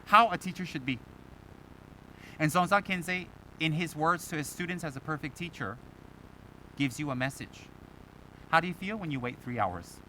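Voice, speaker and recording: A man with a high, bright, ringing voice gives a Buddhist dharma talk. He swings between animated mimicry of his students and quiet, low asides. A faint vehicle rumble sits behind him. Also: poor audio. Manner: drops to a low, soft voice for key points. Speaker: Buddhist teacher.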